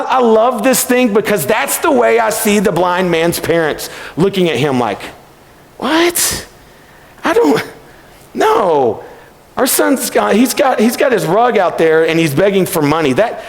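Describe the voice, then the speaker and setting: A man giving a youth camp sermon, telling stories and acting out voices in an animated way. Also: on the high side, vocal fry. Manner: animated, acts out voices in the story. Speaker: camp speaker. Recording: long hall reverb.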